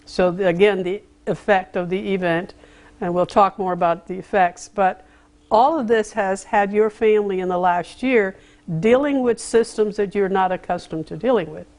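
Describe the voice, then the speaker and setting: Woman interviewer, mid-pitched, measured and formal questions. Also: darkish tone. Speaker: interview host.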